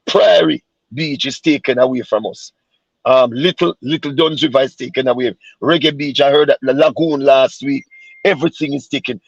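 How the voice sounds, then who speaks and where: A man's voice: medium pitch, gravelly, slightly rough, no echo, muffled recording. A Jamaican man, a street pastor, speaking earnestly on a live call and often repeating words as he searches for them.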